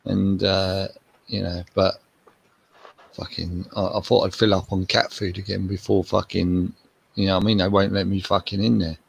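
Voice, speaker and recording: Gravelly low-voiced indignant man. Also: no room sound. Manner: indignant, laughing, sweary. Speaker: caller on a live stream. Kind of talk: casual sweary chat.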